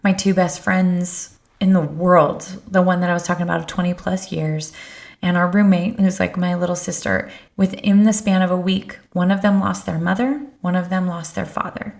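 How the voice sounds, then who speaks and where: A woman's voice: fairly low pitch, fairly even intonation, normal speed, vocal fry, a little mellow. A middle-aged woman speaking as a podcast guest, telling personal stories in an earnest, reflective way. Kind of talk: candid conversation.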